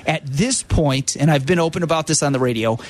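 A man who works as a radio producer, telling animated stories about a late friend on a sports talk show. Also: fairly high pitch, fairly quick. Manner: animated storyteller, quotes friends in their voices.

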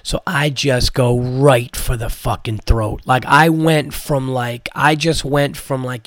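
Worn out from medicine, this New York comedian and podcast host rambles through a profane, casual story, restarting again and again. He speaks at medium pitch with a steady tone, slowly and with hardly any pauses, on a dry, studio-quality recording.

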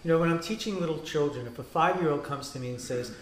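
Animated rabbi, higher-pitched man. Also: fast talker, few pauses, a little hiss or hum. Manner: animated storytelling, acts out quotes. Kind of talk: panel discussion talk. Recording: roomy echo.

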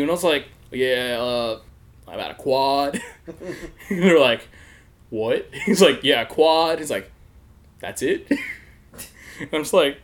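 A man's voice: mid-range voice, a little slow, pauses often. A man telling a story, laughing often. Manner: laughing, animated storytelling with acted-out voices. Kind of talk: casual chat.

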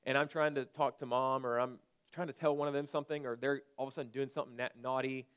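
Speaking fast and smoothly, with a medium pitch and steady tone, this pastor in his thirties keeps his sermon conversational. At times he erupts into sharp commands, shouted out.

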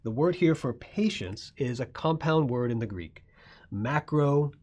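Male pastor, mid-pitched preaching voice, soft asides building to emphatic peaks. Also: lively intonation, a little slow. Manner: swings from soft, low asides to loud, rising emphasis. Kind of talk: sermon.

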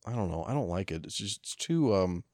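A man's voice: low-pitched, expressive, fairly quick, darkish tone, slight background noise. A man co-hosting a podcast in casual chat, laid-back and agreeable. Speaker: podcast co-host.

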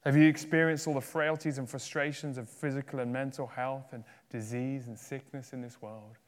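A man preaching a sermon in a church hall, his voice carrying a long reverb through the room. He swings between forceful, raised climaxes and quiet, drawn-down closes. His pitch sits in an ordinary middle range. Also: fairly even intonation, moderate pace. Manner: dynamic, swinging from loud emphatic peaks to hushed low endings.

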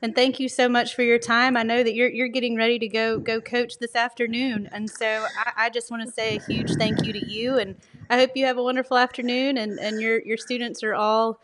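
A woman's voice: fairly high pitch, level tone, a little fast, hardly any pauses, slight background noise. Encouraging woman podcast host. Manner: warm, encouraging, laughs along. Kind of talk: casual interview chat. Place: office.

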